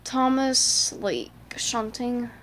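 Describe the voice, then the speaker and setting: A woman with a slightly high, fairly bright voice speaks extremely slowly over a faint hiss or hum. She's a fan flipping through a picture book page by page, chatting casually with lots of "like," small gasps and little voices.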